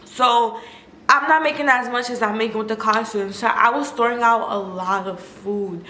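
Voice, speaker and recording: A woman's voice: a little high, moderate pace, sharp tone. A young woman vlogger telling a personal story in a candid, casual way, with lots of "like" and cursing. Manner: candid and emotional, filler-heavy, swears freely. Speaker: food vlogger. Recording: echoey room with faint noise.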